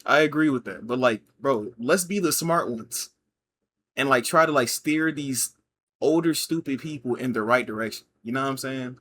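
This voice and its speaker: A man's voice: medium pitch, normal speed, a bit bright, slight background noise. Laid-back slangy man telling stories. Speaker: commentator reacting to clips. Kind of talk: casual reaction commentary.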